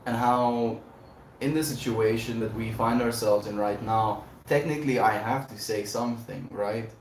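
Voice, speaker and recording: A man's voice: medium pitch, steady tone, normal speed. Guy rambling on his livestream, thoughtful, laughs a lot, echoey room w/ faint hiss. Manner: rambling, reflective, laughs often. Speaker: livestream host. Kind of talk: casual livestream chat.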